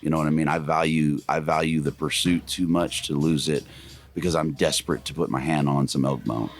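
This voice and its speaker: Deep-voiced excitable man telling stories. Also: brisk. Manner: excitable storyteller, laughs often. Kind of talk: casual hunting chat.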